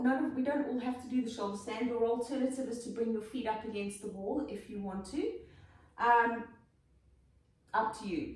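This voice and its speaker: A South African woman leading a yoga class, giving calm, encouraging cues and gentle options. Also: fairly high pitch. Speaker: yoga instructor. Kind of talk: guided yoga class instruction. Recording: very echoey room, from a distance.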